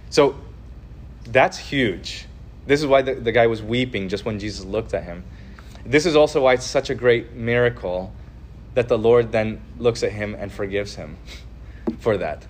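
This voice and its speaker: A man's voice: mid-range voice, moderate pace, slight background noise. A man hosting a podcast, giving an earnest, casual religious teaching full of fillers and restarts. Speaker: podcast host teaching on the Ten Commandments.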